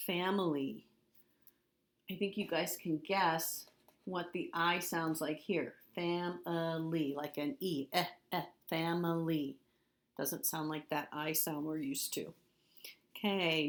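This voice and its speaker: A woman's voice: low-pitched, slow, fairly bright tone. A woman teacher giving a recorded spelling lesson, patiently repeating words and spelling them out letter by letter.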